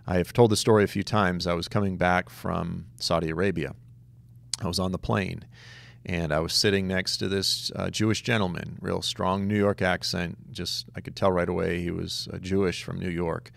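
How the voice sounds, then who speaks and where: A man teaching a conversational Bible study, telling stories in an animated, emphatic way with casual asides. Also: low voice, moderate pace, gravelly.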